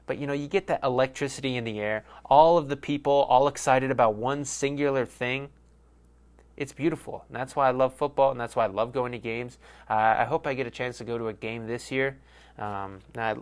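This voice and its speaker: A young man hosting a sports podcast, rambling in a casual, profane and self-mocking way. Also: mid-range voice. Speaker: podcast host.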